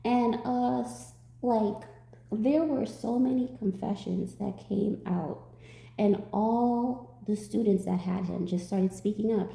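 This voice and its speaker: Woman, tarot reader, storyteller; dark gravelly voice, roomy sound. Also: fairly high pitch, unhurried. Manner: animated storytelling, acts out quotes. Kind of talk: storytelling to viewers.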